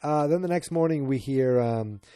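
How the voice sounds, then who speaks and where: A man's voice: mid-range voice, warm tone, no echo, clean studio sound. A man in his forties hosting a casual solo podcast, rambling and joking as he retells a sitcom episode and acts out lines. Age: 40s. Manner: rambling, jokey, acts out characters in quick bursts. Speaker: podcast host.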